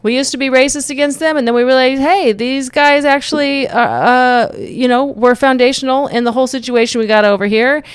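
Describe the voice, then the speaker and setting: A woman's voice: high voice, fairly quick, few pauses, smooth, no echo, studio quality. A woman from Texas giving her opinions in a casual vlog, joking and rambling with many restarts. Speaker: YouTube commentator.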